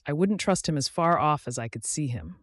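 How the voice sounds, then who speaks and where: A man's voice: on the high side, lively intonation, fairly quick, fairly bright tone, dry recording, studio quality, pitched above the performer's own voice. A man voicing Mrs. Quack, a fretful duck. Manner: fretful, tearful and insistent. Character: anxious, distrustful female duck far from home.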